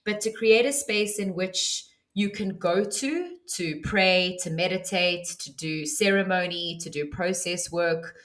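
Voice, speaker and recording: A woman with a slightly low voice tells a personal story with vivid, earnest detail. She restarts phrases often as she works through her thoughts. She speaks as a podcast guest offering advice. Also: unhurried, hardly any pauses, fairly bright tone. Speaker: podcast guest, ceremony leader.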